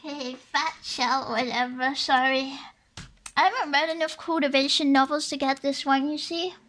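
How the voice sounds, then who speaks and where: A woman's voice: high voice, fairly even intonation, moderate pace. A young woman from Sweden, streaming and chatting casually with viewers in a giggly, playful way. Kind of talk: casual chat while reading viewer comments. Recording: soft lo-fi music underneath.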